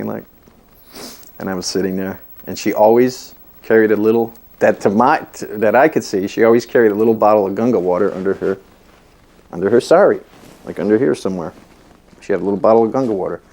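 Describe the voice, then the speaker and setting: A man's voice: on the low side, darkish tone. A man telling casual anecdotes about his spiritual teacher, chatty and laughing as he goes. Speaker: devotee recalling memories.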